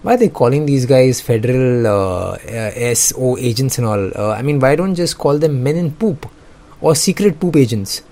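A man's voice: medium pitch, animated, moderate pace, dark tone. A young man, hosting comedic news commentary in a sarcastic, joking way and laughing often. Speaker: host.

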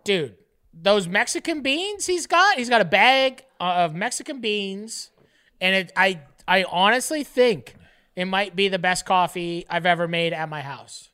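A man co-hosting a podcast over a video call, riffing in excitable, casual banter. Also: high-pitched, a little slow, clean tone. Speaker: podcast co-host. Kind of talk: casual chat.

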